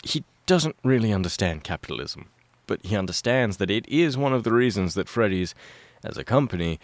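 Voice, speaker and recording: A male narrator reading fan fiction aloud, his voice low and steady. The recording is close and dry, with no room sound. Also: dry recording.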